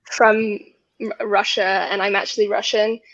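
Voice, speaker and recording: A woman's voice: medium pitch, level tone, moderate pace, fairly bright tone, dull audio. A woman with a British accent telling a story with a comedy panel, giggly and full of "like" fillers. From Florida, USA.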